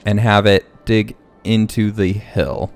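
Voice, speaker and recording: A man's voice: on the low side, little pitch movement, faint music behind. A young man hosting a casual city-building gameplay video, thinking aloud as he works. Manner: slow, thinking aloud, hiccuping. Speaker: let's play host.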